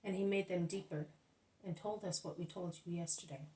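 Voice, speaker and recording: A woman narrating a religious book as an audiobook, in a steady, plain reading manner. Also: lowish voice, a little fast. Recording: echoey room, voice off-mic.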